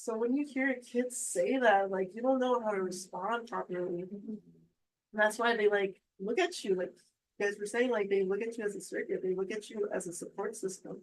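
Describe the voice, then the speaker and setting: Animated, laughing woman telling stories. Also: mid-range voice, normal speed, slight background noise, low-quality recording. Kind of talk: casual podcast chat.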